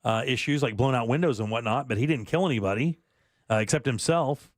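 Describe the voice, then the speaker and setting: A man's voice: mid-range voice, brisk, no echo, studio quality. A man hosting a talk-radio show, chatting loosely with his co-hosts, laughing easily and reading listener texts aloud. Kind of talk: casual talk-radio banter.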